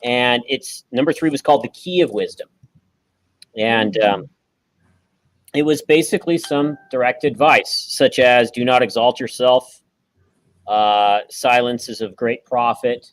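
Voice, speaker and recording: A man co-hosting a casual online chat, explaining in a relaxed, halting way with many fillers. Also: medium pitch, rough recording. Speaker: co-host.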